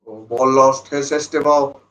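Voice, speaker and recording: A man watching a football match commentates live as a fan, muttering asides and bursting into excited outbursts. His voice is mid-range, a little slow, and the recording is rough.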